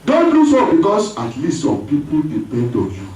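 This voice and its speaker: A man preaching a sermon as pastor, lively, with call-and-response and acted voices. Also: a little high, moderate pace. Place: church hall. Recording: echoey church hall from far off.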